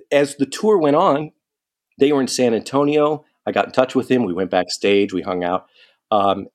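Male storyteller, casual and animated, middle pitch, quotes others in lively asides. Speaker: guest telling a story.

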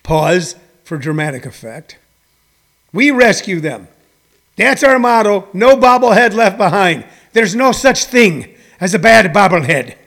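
A man's voice: high-pitched, expressive, a little slow, vocal fry, a bit bright. A middle-aged man hosting a show, delivering a rambling, mock-indignant comedy rant with self-mocking asides. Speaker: show host.

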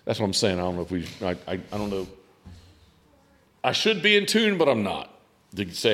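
A man's voice: lowish voice, very animated, fairly quick, fairly bright tone. A man hosting a podcast in loose, rambling casual chat, often restarting his sentences. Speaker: podcast host and hunting guide.

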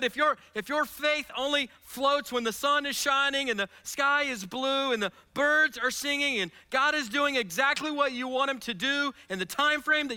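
High, bright-voiced man preaching a sermon. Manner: impassioned, repeats phrases for emphasis. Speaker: pastor.

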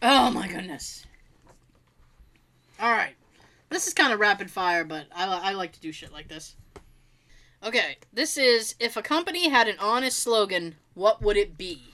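A woman co-hosting a casual chat, reacting with loud laughs and crude jokes. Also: mid-range voice, expressive, moderate pace, pauses often. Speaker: co-host. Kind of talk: casual chat reading funny posts.

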